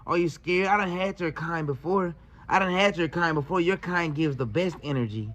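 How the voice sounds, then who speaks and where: A man voicing an unhinged rich wife who preys on young men, speaking in a breathy, pleading whisper. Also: fairly high pitch, normal speed, fairly bright tone, natural voice. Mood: menacing.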